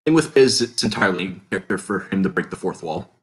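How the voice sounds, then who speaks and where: A man's voice: sits low, animated, fast. A man co-hosting a casual podcast, explaining his choices in long, rambling, self-correcting sentences. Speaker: podcast co-host, character creator.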